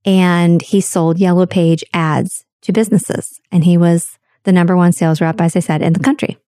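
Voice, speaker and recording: A woman's voice: fairly low pitch, steady tone, mellow, dry recording, clean studio sound. A woman hosting a show, talking candidly in a reflective personal monologue full of childhood stories. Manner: candid, storytelling, drawn-out emphasis.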